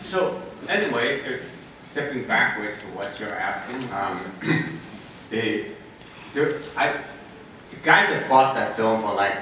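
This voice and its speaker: A man's voice: on the low side, expressive, slow. Older man rambling in an echoey hall. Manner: rambling, chuckling, with many restarts. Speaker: convention panel guest. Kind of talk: panel Q&A storytelling. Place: large convention hall. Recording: echoey convention hall, noisy, from far off.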